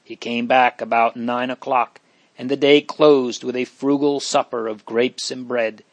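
A man narrating a classic story in a measured, steady way, close to the mic. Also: medium pitch, dry recording. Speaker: audiobook reader.

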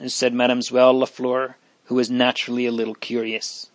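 A man narrating a classic story in a measured, steady way, close to the mic. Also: medium pitch, no room sound. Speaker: audiobook reader.

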